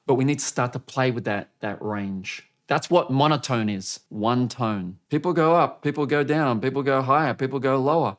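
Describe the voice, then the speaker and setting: A man teaching on-camera speaking as a coach, energetic and demonstrative, often shifting his loudness, pace and pitch to show what he means. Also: normal speed, few pauses. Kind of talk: coaching video lesson.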